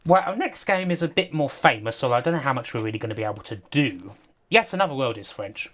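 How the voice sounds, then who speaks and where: A woman's voice: extremely low pitch, animated, quick pace. A woman giving casual live-stream commentary on games, sardonic and sweary, often laughing. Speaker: game streamer.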